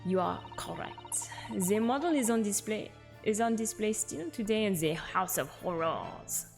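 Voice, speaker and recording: A woman doing a proud French waxwork artisan in a put-on French accent, sly and theatrical, savouring each word as she slips in bits of French. Game music plays softly under her voice. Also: mid-range voice, lively intonation, a little slow, gravelly. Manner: sly, dramatic, drops French words. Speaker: game character voiced by streamer.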